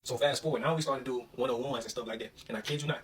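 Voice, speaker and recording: A young man from Alabama telling a story in an animated, slangy way. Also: mid-range voice, rapid-fire, far from the mic, slight background noise, poor audio. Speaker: vlogger. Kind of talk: casual storytelling.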